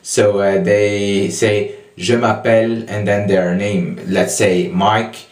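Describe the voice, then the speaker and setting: A French-accented man teaches in a relaxed, unhurried way, stopping often with "uh" and "um" as he searches for words. His voice sits a little low and comes from a step back from the mic, in a room with a clear echo. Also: recorded from a distance. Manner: slow and hesitant, many fillers and restarts. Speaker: French tutor. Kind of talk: casual spoken language lesson.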